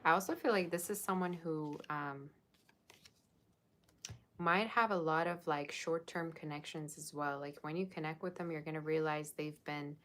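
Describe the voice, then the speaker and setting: A woman casually talking through a tarot reading, chatty and loose with slang. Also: sits low. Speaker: tarot reader.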